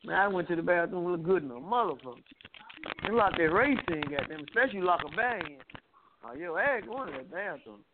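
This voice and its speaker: A high-voiced man teases and curses over a tinny phone line while steady noise runs loud behind him. He talks in a chatty, joking way as a regular on a trash-talk show. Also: brisk. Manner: teasing, profane, chatty.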